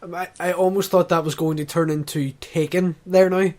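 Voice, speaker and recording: A UK man hosting a gaming podcast chats casually in a slightly high, steady, darkish voice at a brisk pace. He sounds hesitant, laughs often, and leans on lots of fillers.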